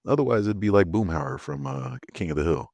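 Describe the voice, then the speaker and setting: Deep gravelly lively man from Houston. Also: no echo. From Houston, Texas. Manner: animated, laughing, drawn-out emphasis. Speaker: podcast co-host. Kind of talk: casual podcast chat.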